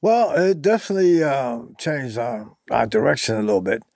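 Older male musician guest, gravelly, halting, dry close mic. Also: medium pitch, a little mellow, no room sound. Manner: halting, many ums and you-knows. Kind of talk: casual interview talk.

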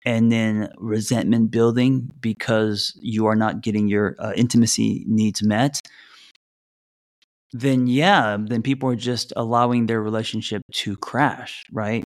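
A middle-aged man with a slight lisp co-hosting a relationship podcast, talking casually with many fillers and reading listener letters aloud. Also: on the low side. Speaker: podcast co-host.

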